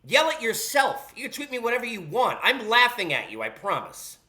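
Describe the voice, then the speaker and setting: A male sports talk host rants on his own, sarcastic and scolding toward fans. His voice sits high for a man and swings widely in pitch. The tone is bright and forceful throughout. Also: brisk. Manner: emphatic, animated delivery. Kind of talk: solo sports talk rant.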